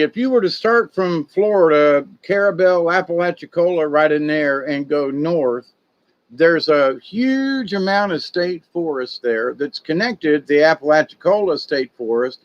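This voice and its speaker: Folksy rambling man, slightly high voice. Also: muffled recording. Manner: folksy, digressive, conspiratorial storytelling. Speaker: spiritual talk host. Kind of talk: rambling casual monologue.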